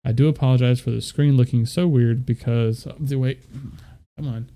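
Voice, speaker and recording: Very dark-voiced man explaining stream settings. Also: mid-range voice, steady tone, normal speed. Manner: loose, rambling, talks to viewers directly with fillers. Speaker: streamer explaining audio setup. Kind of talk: casual screen-share tutorial.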